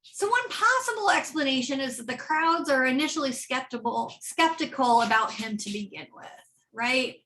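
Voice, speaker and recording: A woman's voice: sits high, expressive, normal speed, bright, forceful tone. A woman pastor preaching a sermon in a conversational way, often checking in with the congregation. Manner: conversational, often asking "right?". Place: church.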